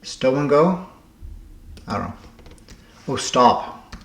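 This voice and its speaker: A man thinking aloud as he solves word puzzles, halting and correcting himself as he goes. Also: medium pitch, big pitch swings, gravelly, roomy sound. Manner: muttering, halting, self-correcting. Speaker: puzzle game vlogger.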